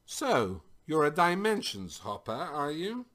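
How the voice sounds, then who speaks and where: A carefree, half-mad stranger who teases and lectures by turns, as a man acts him out. His pitch leaps high and wide, with sudden bursts. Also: huge pitch swings, slow, a bit bright, exaggerated voice. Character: eccentric carefree man, teasing and unhinged.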